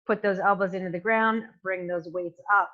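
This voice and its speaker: The audio is muffled as a woman with a mid-range, steady voice coaches exercises at a moderate pace. She demonstrates moves in a home room with hardwood flooring, encouraging listeners with frequent fillers, using a new microphone.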